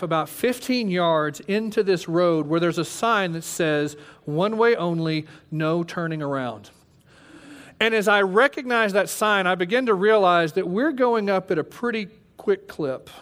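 A man in his thirties preaching, telling a story with lively, animated delivery and acting out his own panic. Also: high-pitched. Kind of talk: sermon storytelling.

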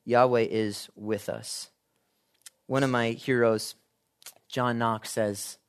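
A man preaching a sermon, shifting from quiet, measured reading to loud, animated emphasis. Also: medium pitch, clear, resonant tone.

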